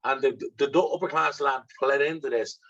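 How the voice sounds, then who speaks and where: An Irish man, a guest in an interview, telling candid stories about himself in a blunt, animated way and swearing freely. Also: medium pitch, fairly quick, highs cut off. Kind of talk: candid storytelling.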